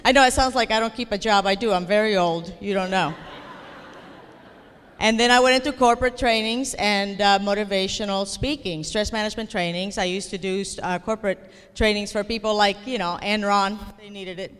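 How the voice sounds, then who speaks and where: A woman's voice: medium pitch, steady tone, fairly quick, a bit bright, a little hiss or hum. A woman giving a comedic keynote speech, telling playful, self-deprecating stories to an audience. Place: large hall before an audience. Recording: long hall reverb.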